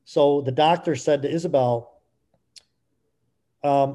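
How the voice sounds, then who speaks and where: Man, middle-aged, interview guest, halting, restarts often, warm mellow tone. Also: mid-range voice. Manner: halting, with frequent restarts and fillers. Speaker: guest, author. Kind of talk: candid interview storytelling.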